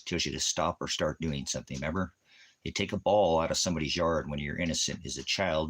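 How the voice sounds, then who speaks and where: A man's voice: low-pitched, quick pace, a bit bright, slightly rough. A man preaching on a livestream, ranting and mocking commenters in a combative, profane way.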